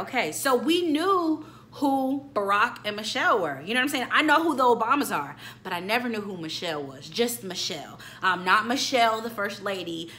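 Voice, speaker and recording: A woman in her late twenties reviewing a film in a chatty, animated way, talking straight to her viewers. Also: medium pitch. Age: late 20s. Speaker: YouTube movie reviewer. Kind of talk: casual chat review.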